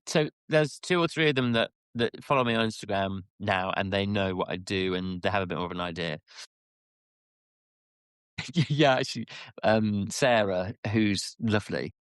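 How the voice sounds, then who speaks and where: A man's voice: lowish voice, moderate pace, smooth, dry recording, studio quality. A man co-hosting a podcast, telling a story in casual chat and acting out both sides of the exchanges. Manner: animated storytelling, acts out quoted exchanges. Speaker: podcast co-host.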